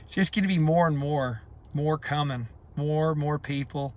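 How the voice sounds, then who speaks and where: Emphatic man, somewhat high voice. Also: unhurried. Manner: emphatic and passionate, repeating points. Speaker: community leader. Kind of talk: unscripted live video talk.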